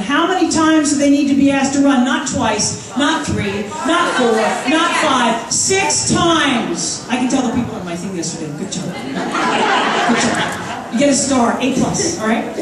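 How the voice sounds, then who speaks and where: A woman in her fifties giving an energetic, joking conference speech, rousing the crowd with call-and-response. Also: high voice, a little slow, hardly any pauses. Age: 50s. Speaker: conference speaker. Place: large conference hall. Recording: echoey hall from far off, faint crowd.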